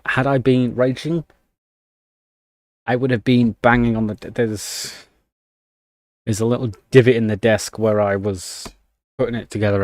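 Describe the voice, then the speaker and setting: A man's voice: on the low side, darkish tone, no echo. A young man chatting casually on a live stream, ranting in annoyance while typing commands at his desk. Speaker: livestreamer.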